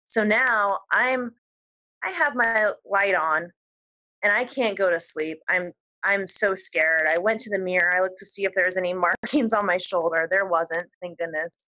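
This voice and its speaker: A woman guest on an interview show, telling a personal story in a lively, giggly way. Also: medium pitch, moderate pace, low-quality recording. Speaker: podcast guest.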